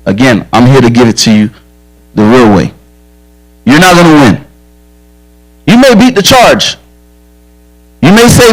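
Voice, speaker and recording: A man's voice: mid-range voice, expressive, unhurried, long pauses, low-quality recording. A man who is a police officer, giving a direct, earnest safety talk to children at a church camp and telling stories from his own life. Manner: direct, earnest, frank storytelling.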